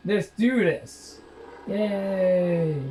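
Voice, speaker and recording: Slow-talking British man narrating gameplay. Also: high-pitched, warm tone, slight background noise. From Britain. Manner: rambling, jokey, self-described dull talker. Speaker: gaming channel host. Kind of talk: gameplay commentary.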